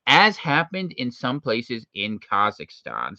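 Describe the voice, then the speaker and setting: Guy hosting a casual talk show, jokey and animated, voice jumps around a lot, dry, kinda lo-fi. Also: medium pitch, vocal fry, dry recording. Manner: animated, jokey, slips into quick impressions. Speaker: host. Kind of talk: casual unscripted commentary. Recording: dry, slightly muffled lo-fi recording.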